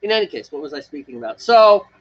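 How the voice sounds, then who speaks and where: Outdoors on a front porch patio, a man co-hosts a homebrewing live stream, chatting casually, rambling and laughing often. His high-pitched voice is animated and quick, and the audio sounds dull.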